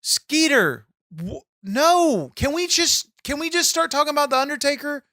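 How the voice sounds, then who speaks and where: A man's voice: extremely high pitch, lively intonation, moderate pace, pushed and bright, dry recording, studio quality. A man co-hosting a comedy podcast, ranting in exasperation and swearing constantly. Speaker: podcast co-host. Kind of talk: comedic banter.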